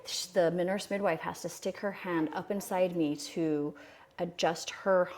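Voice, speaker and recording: A woman's voice: lowish voice, fairly even intonation, unhurried, darkish tone. A young adult woman telling her birth story in candid, reflective conversation, often restarting her sentences.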